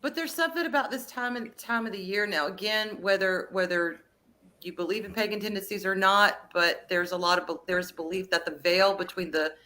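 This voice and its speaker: A woman co-hosts a casual chat at a brisk clip, lively and laughing often. When excitement hits, her voice jumps up high.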